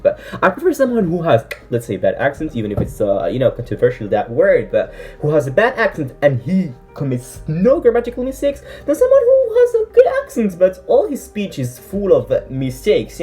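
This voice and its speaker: An English-learning vlogger whose first language is Arabic offers casual advice in a very deep, mellow voice with lively ups and downs in pitch. She's earnest and encouraging, full of fillers, restarts and self-corrections, with faint music playing behind her.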